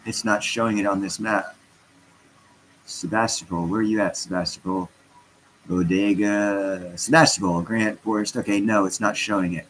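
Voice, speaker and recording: A man's voice: on the low side, steady tone, normal speed, fairly bright tone, slight background noise, poor audio. A stoned man chatting casually on a livestream, rambling and interrupting himself as he talks to his viewers. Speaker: crypto vlogger.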